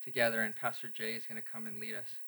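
A man preaching a sermon to a church congregation, earnest and conversational, rising to emphatic peaks and dropping quiet again. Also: on the low side, level tone, fast. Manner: relatable asides to the congregation. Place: church service.

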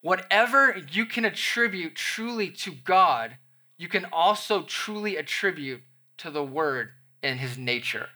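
A man's voice: high-pitched, expressive, unhurried, bright, forceful tone. A man, the pastor, preaching a sermon to his congregation with playful, conversational asides.

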